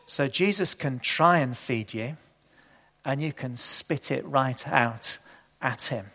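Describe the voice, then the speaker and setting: A man's voice: a little high, a bit bright. A man preaching a sermon in a conversational way, asking the congregation questions. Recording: long hall reverb.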